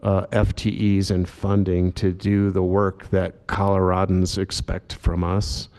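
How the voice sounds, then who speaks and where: Deep flat-voiced man giving meeting remarks. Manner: halting, many fillers and restarts; self-described monotone delivery. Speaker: agency director at a commission meeting. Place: meeting room.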